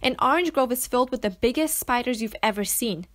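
A woman reader speaking as a bold, protective young frontier boy from a storybook. He talks earnestly and plainly, in a voice on the higher side. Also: a little fast, a bit bright, close to an everyday voice.

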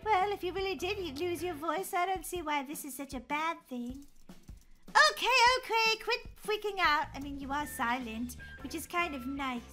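A woman's voice: sits high, moderate pace, pushed and bright. A woman voicing a teasing, chatty young girl bossing her sister in a roleplay game video. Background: background music.

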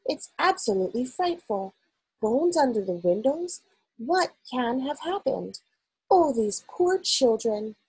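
A woman's voice: a little high, sing-song, takes it slowly, husky, no room sound, pitched above the performer's own voice, exaggerated voice, rough recording. Woman reading as a composed, dignified queen. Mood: dismayed. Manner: startled, then sharp and commanding.

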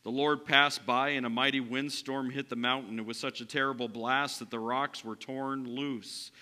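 A male pastor delivers a sermon in a large church hall. His voice is sharp and very bright, and it trails off into a long reverb. He moves between raised, emphatic lines and quiet, hushed ones. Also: medium pitch, fairly even intonation, normal speed. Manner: swings from loud preaching to hushed, soft delivery.

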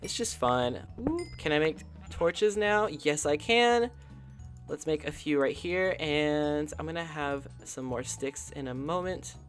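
A channel host giving casual, chatty commentary over a game, excitable and full of gasps and little coos. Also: mid-range voice, unhurried, soft background music.

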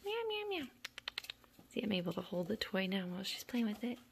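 A woman in an indoor room who plays with kittens and laughs a lot, using high sing-song baby talk that drops to soft whispers, then calmly explaining how to socialize them. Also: fast talker, gravelly, background noise. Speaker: animal rescue volunteer. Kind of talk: casual narration while playing with kittens.

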